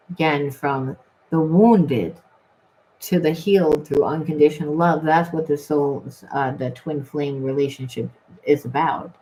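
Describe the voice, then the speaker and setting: A woman's voice: low-pitched, darkish tone, slight background noise, rough recording. A woman giving a rambling, emphatic spiritual reading, full of restarts and repeated phrases. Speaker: tarot reader.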